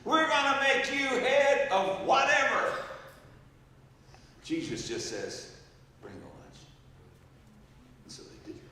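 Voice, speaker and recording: A man in his seventies preaching a storytelling sermon, swinging from loud exclaiming to hushed quoted words. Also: very high voice, wildly swooping pitch, takes it slowly, long pauses, slight background noise. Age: 70s. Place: large church hall. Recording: echoey hall, mic from far off.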